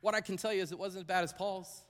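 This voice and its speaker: A man's voice: high voice, steady tone, fast, fairly bright tone, big-room sound. A man preaching a sermon to a church congregation, in a conversational style with asides and repeated phrases. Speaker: pastor. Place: church sanctuary.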